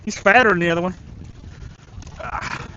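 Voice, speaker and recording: Excitable man narrating his fishing live. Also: high voice, normal speed, lo-fi sound, a little hiss or hum. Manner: excited, chatty, talks to the fish. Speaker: angler streaming a fishing tournament. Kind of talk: live-stream commentary. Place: outdoors by a river.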